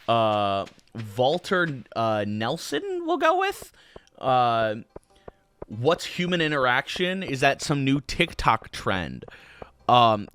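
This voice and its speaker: A man's voice: mid-range voice, fairly bright tone, smooth, no room sound. A young man hosting a casual game playthrough, rambling with lots of "um"s and jokey slang. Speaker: gaming channel host. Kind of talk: casual let's play commentary.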